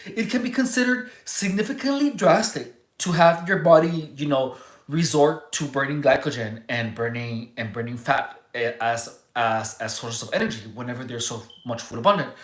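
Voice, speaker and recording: Answering viewer chat in a casual stream, the host halts often, rambles, restarts lines and gropes for words. The mid-range voice comes across reverberant.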